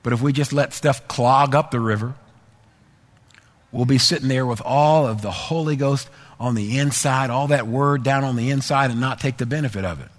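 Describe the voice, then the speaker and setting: In a sermon recorded with long hall reverb, a man of medium pitch speaks at normal speed as the pastor. He shares a personal story in a conversational way before building through repeated phrases to emphatic exhortation.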